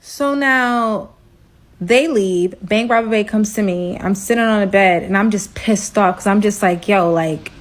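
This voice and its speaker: Young woman, storytime vlogger, chatty and candid, voice leaps high when she vents. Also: measured pace. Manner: candid and animated, jumping to high pitch for her own outbursts. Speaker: storytelling creator. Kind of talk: casual storytime vlog.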